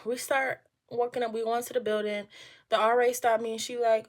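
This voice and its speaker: A woman in her twenties telling a storytime in a casual, profane, animated way, acting out what others said. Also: on the high side, brisk. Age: 20s. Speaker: storytime vlogger.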